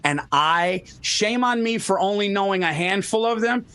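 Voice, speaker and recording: A man in casual chat on a video call, excitedly retelling jokes with plenty of swearing. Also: high voice, moderate pace, clear, resonant tone.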